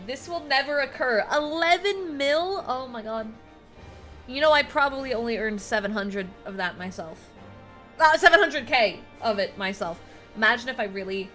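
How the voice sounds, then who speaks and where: A woman streaming a video game, chatting excitedly with viewers, squealing and swearing when surprised. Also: on the high side. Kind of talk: casual live-stream chatter while playing.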